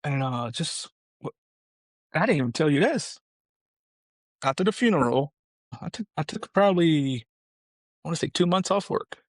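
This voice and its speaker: A man speaking as a podcast guest, telling his personal story in an earnest, halting way with restarts. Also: on the high side, expressive, no echo.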